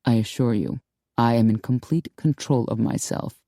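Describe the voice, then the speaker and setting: A woman voicing a steady young male hunter who speaks in a controlled, earnest way, in an audiobook. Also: mid-range voice, normal speed, no room sound, clean studio sound, voice pushed down, lightly acted. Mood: resolute. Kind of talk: audiobook character voice.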